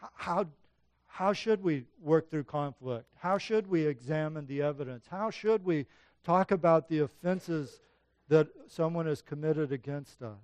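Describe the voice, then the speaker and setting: A man with a fairly high, smooth and resonant voice preaching a sermon. He teaches in a relaxed, conversational way and acts out the passages he quotes. The sound is dry and close, with no room echo. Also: unhurried. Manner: conversational Bible teaching, dramatizing quoted lines. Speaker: pastor.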